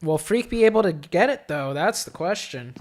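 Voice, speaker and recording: A solo esports caster streaming play-by-play from a home setup. The voice drifts between offhand chatter and sudden excited calls whenever the shooting starts. Faint game gunfire runs underneath. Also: medium pitch, moderate pace, a little hiss or hum. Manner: chatty and offhand in lulls, bursting into excited calls during fights.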